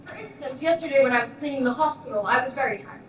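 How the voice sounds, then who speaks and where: A woman with a high voice speaks earnestly and reproachfully in a stage play. She is recorded from far off in an echoey space, with clear noise behind her. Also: fast, fairly bright tone. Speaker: stage actor playing a camp prisoner. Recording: roomy distant stage recording with background noise.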